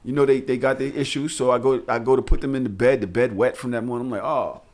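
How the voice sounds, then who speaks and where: A man's voice: medium pitch, quick pace. Profane storytelling man. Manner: loose, profane storytelling with animated asides. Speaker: podcast co-host. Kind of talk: casual podcast chat.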